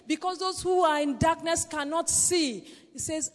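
Woman preacher, high voice, earnest and insistent, repeats her points; church hall with long echo. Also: normal speed, hardly any pauses. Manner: earnest, repetitive exhortation with "Praise the Lord" interjections. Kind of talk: sermon.

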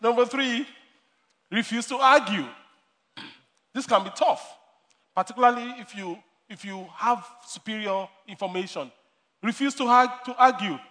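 The man preaching has an extremely high pitch and a pushed, bright tone, speaking at normal speed with long pauses. He tells stories, laughs often, and repeats his main points while the long hall reverb rings.

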